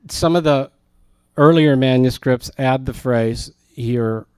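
A man of middle pitch leads a Bible teaching, reading verses and then breaking off for lively asides to his listeners. His tone is conversational but emphatic. The sound is dry and close, with no room echo. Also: slow pace, clear, resonant tone.

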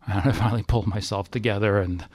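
A man recounting a personal experience as testimony, halting and emotional, with frequent restarts. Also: fairly low pitch, fairly even intonation, darkish tone, no room sound. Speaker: storyteller.

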